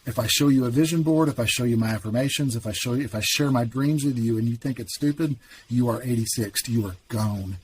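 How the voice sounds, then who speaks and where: A man's voice: mid-range voice, brisk, a little mellow, slight background noise, low-quality recording. A man appearing as a guest on a casual faith podcast, talking in an emphatic, candid way.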